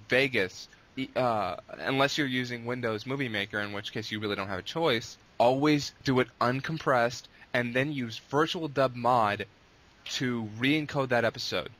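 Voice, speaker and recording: Male interview guest, casual and rambling, with a bright, forceful tone. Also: mid-range voice. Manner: long-winded, rambling with restarts. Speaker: guest, abridged series creator.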